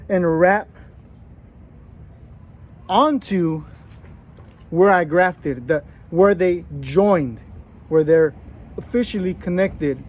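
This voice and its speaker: A man's voice: sits high, darkish tone. A man in his thirties, joking casually with a put-on Australian accent while giving a hands-on gardening how-to outdoors. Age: 30s. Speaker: gardening vlogger.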